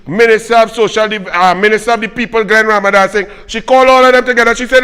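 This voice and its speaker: A Trinidadian man delivers a fiery, mocking political rant in a very high, sharp voice. He hammers each point home with repetition as a commentary host. A long reverb trails behind his voice. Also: steady tone, quick pace, few pauses, smooth.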